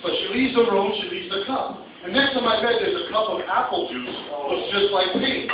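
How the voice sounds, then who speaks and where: A man's voice: high-pitched, moderate pace, a crowd in the background. A man doing a stand-up set in a small club, telling crude stories into a handheld mic. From New York. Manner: brash storytelling with crude punchlines. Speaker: stand-up comedian. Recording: distant echoey lo-fi club recording, audience.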